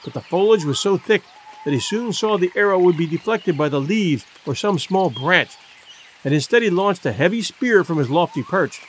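A man narrating an adventure novel in a measured, expressive storytelling manner. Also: high-pitched, slight background noise. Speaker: audiobook narrator. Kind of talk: scripted narration.

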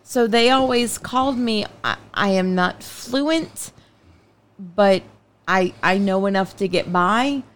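A woman's voice: mid-range voice, slow pace. A woman with a law enforcement background, co-hosting a casual chat and explaining her experience in a wry manner.

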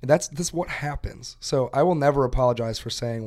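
A man's voice: mid-range voice, fairly quick, a little mellow. A man co-hosting a golf podcast, arguing his points emphatically. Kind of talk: casual podcast chat.

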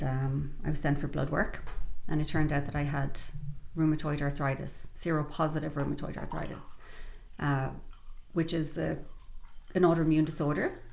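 A woman guest on a podcast, telling her personal story in a measured, reflective way. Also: deep voice, gravelly, darkish tone.

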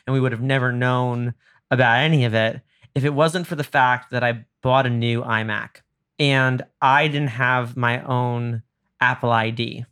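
A young man in his twenties chatting casually and spinning a long personal anecdote. His pitch sits in an ordinary middle range, and he bursts into animated voices whenever he quotes someone. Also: unhurried, smooth. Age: 20s. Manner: animated, acts out quoted dialogue with jumps in pitch. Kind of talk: casual storytelling chat.

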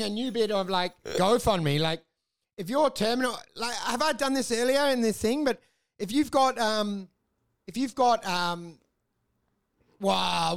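A man's voice: sits high, gravelly. A man co-hosting a podcast, telling crude, rambling stories in casual comedic chat. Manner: crude, rambling, animated storytelling. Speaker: podcast co-host.

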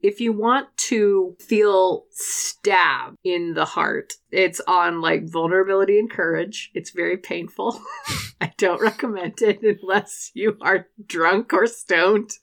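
Animated, lower-pitched woman co-host. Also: slow pace, gravelly. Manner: animated, swearing, laughing often. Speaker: podcast co-host. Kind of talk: casual chat.

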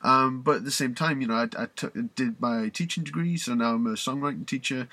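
A British man in his thirties hosts a podcast, talking in a friendly, chatty way at a middle pitch. His voice comes across dry and close, with no room echo. He sounds easygoing and encouraging. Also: a little fast, pushed and bright. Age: 30s. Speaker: podcast host, songwriting teacher. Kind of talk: casual podcast interview.

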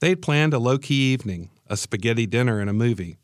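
A man giving measured scripted documentary narration. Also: mid-range voice, expressive, dry recording, clean studio sound.

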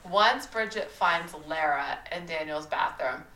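A woman co-hosting a podcast, chatting casually about a movie, animated and swearing freely while she laughs. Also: lowish voice, a little slow, recorded from a distance. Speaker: podcast co-host. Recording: roomy echo.

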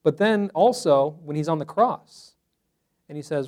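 A man's voice: a little high, expressive, unhurried, a little mellow. A man teaching a Bible study class to a small group in a room, talking conversationally and asking the group questions.

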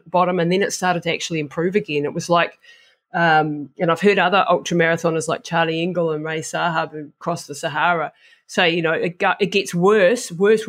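A middle-aged woman with a New Zealand accent, a guest in an interview, telling frank, animated stories and acting out the voices in her head. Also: on the low side. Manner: animated, acts out inner voices, frank and earthy. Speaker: guest, ultra endurance athlete. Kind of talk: casual interview storytelling.

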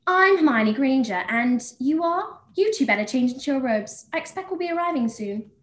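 A prim, bossy schoolgirl, played by a woman doing an impression, crisp and sure that she knows everything. The voice sits well above the woman's own, clipped and precise, in an echoey room. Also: sits high, expressive, moderate pace, voice pushed up. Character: prim know-it-all English schoolgirl, bossy.

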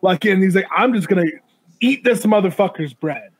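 High-voiced joking man. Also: lively intonation, fairly quick, background noise. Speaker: friend in group chat. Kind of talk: casual chat.

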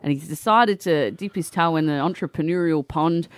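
A woman's voice: deep voice, moderate pace, no echo. An Australian woman co-hosting a radio show, blunt and matter-of-fact in casual banter. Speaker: radio co-host. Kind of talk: casual banter and news reading.

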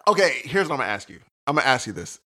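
A man co-hosting a podcast in casual chat, animated and prone to sudden high exclamations. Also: very fast, breathy edge. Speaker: podcast co-host.

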